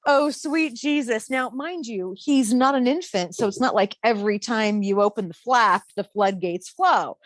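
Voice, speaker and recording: A middle-aged woman co-hosting a casual podcast, an animated storyteller who laughs often and swears freely. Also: fairly high pitch, normal speed, few pauses, dry recording, low-quality recording. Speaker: podcast co-host.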